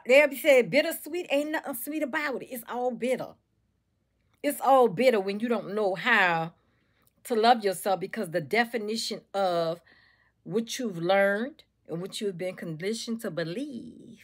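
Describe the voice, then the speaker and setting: A woman's voice: mid-range voice, unhurried. Motivational woman speaker, preachy and repetitive. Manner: preachy, repetitive, calls listeners baby and y'all. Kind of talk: motivational talk to camera.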